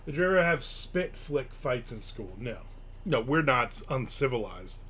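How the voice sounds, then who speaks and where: Male host, sarcastic, foul-mouthed, forceful tone. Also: medium pitch, big pitch swings, a little slow, slightly rough. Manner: profane, sarcastic grumbling. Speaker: podcast host. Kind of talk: casual live-stream chat.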